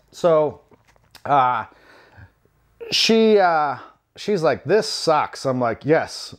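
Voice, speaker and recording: An American man, perhaps in his thirties, tells a story from home in a casual, rambling way at a middling pitch. His delivery is wry and self-deprecating, full of ums and asides.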